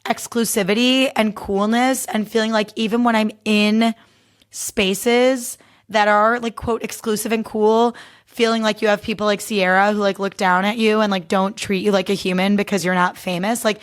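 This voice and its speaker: Young woman, podcast host, casual solo chat, candid, says "like" constantly, mid-pitched voice. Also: level tone, normal speed. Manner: chatty and candid, heavy use of "like".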